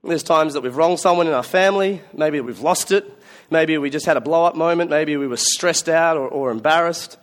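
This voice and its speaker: A man's voice: fairly high pitch, fairly quick. A man preaching a Christmas sermon, telling stories in a conversational, self-mocking way. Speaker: pastor.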